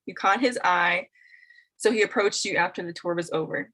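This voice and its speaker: Woman host, casual chat, giggly and a bit tongue-tied on names, bright tone. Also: lowish voice, moderate pace, poor audio. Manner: laughs often, stumbles over names. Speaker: host reading dating scenarios. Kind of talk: casual group chat, reading a scenario aloud.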